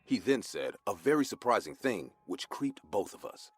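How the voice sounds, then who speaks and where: A man narrating a scripted horror story in a lively, expressive way. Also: fairly low pitch, normal speed, husky, soft background music.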